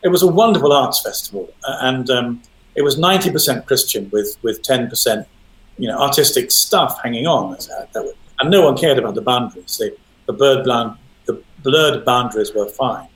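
A man's voice: mid-range voice, a little fast, a bit bright, roomy sound, poor audio. An older man in casual chat, hesitant and repeating words, with wry asides. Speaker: panelist. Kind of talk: conversational commentary.

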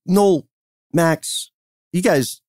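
A man's voice: on the high side, very slow, a little mellow, no room sound, studio quality. A man co-hosting a podcast in a playful, casual way, laughing often. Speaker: podcast co-host. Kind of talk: casual chat.

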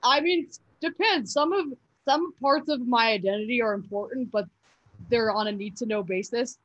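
A woman's voice: on the high side, normal speed, a bit bright, dry recording. A young woman answering interview questions casually, hesitant, with many fillers and restarts. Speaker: interview guest. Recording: dull, dry sound.

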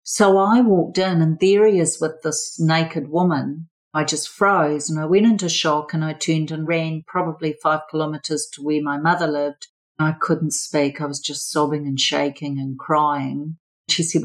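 Low-voiced older New woman. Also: steady tone, poor audio. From New Zealand. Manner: measured, earnest recounting. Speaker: former therapist sharing her story. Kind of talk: personal testimony.

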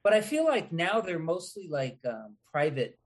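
A man guest on a casual podcast, chatting excitedly and reciting sports stats. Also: fairly high pitch, moderate pace.

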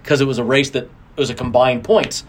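A middle-aged man, a racing driver guest, telling stories in a casual interview, animated and acting out quotes with big jumps in his voice. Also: mid-range voice, brisk.

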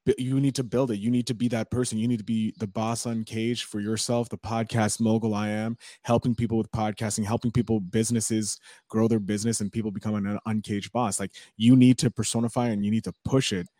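A man's voice: fairly low pitch, level tone, a little fast, hardly any pauses, mellow, no echo, studio quality. Enthusiastic male podcast host. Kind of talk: casual conversation.

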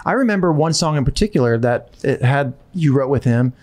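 Lively, joking male podcast host. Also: medium pitch, fairly quick. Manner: animated and joking. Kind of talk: casual podcast chat.

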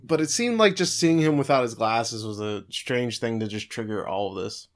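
A man's voice: medium pitch, normal speed. Man casually recapping an anime episode. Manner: steady plot summary with occasional fillers. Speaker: podcast co-host recapping an anime.

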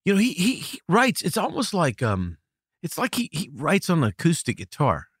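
A middle-aged record producer from the United States is a lively, laughing storyteller in a casual interview, restarting his sentences a lot. His voice is fairly high with a breathy edge, at normal speed, captured studio-quality with no echo.

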